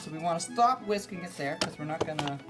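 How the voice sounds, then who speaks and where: A woman's voice: sits low, animated, fast. A woman hosting a casual cooking demo, talking in a playful, rambling, joking way. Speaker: cooking show host. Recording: background music.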